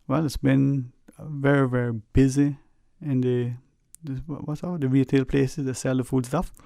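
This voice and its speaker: A man's voice: medium pitch, fairly even intonation, normal speed, creaky, dark tone, no echo. A man hosting a radio talk show, rambling and folksy with lots of "you know", earnestly advising listeners from a studio microphone.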